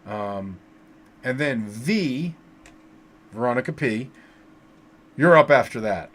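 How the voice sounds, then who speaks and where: A man hosting a casual livestream tarot reading, reading viewers' names from the chat and giving relaxed advice, with many fillers and repeated words. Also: medium pitch, takes it slowly.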